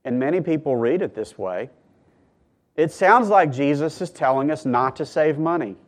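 A man's voice: fairly high pitch, animated, normal speed. Man preaching, emphatic and earnest. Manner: earnest teaching with emphatic rises and hushed drops. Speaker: pastor. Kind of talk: sermon.

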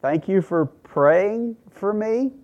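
Brief: a preacher putting on a fearful male disciple, hesitant and pleading, slow. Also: high voice, lively intonation, lo-fi sound, voice pushed up. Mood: nervous pleading.

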